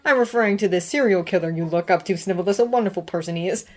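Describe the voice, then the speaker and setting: A woman's voice: fairly low pitch, racing, a little mellow, close to an everyday voice. A woman voicing a swaggering teenage wizard who jeers and scorns another boy, in a read-aloud fan story. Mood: scornful. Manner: jeering, scornful.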